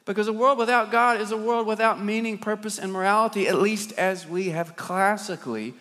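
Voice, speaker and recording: A man preaching a sermon as a dramatic storyteller, firing rhetorical questions and swinging between loud and soft. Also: high voice, fairly quick. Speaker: pastor. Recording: long hall reverb.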